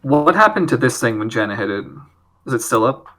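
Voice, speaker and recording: Man, bright tone, tabletop game player, brisk turn calls. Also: medium pitch, very animated.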